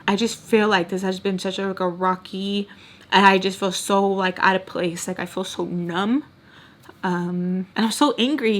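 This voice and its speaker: A young woman talking straight to her viewers in a casual vlog, rambling and emotional, close to tears. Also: medium pitch. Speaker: storytime vlogger.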